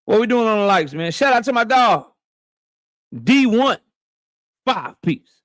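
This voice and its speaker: A man hosting a boxing live stream from his office, talking loose and profane and shouting out viewers by name. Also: sits high, lively intonation, measured pace, dry recording, studio quality. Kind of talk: casual live-stream chat. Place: home office.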